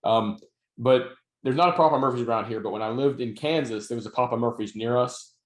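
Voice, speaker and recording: A podcast co-host and novelist speaks fairly quickly in a medium pitch, telling stories dryly and dropping wry asides. It's a casual podcast chat recorded with a roomy echo.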